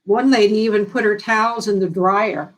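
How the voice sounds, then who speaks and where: A woman's voice: mid-range voice, normal speed, low-quality recording. Folksy, earnest woman giving care advice. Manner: folksy, earnest and down-to-earth, with homespun sayings; repeats and restarts phrases while thinking aloud. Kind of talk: casual advice talk on a live stream.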